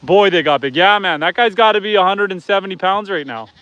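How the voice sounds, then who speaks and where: High-voiced chatty homestead host. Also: male voice, brisk, a bit bright, clear, resonant tone, dull audio. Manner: chatty, talks to his animals and to viewers. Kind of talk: casual live-stream chat. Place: outdoors on a farm among animals.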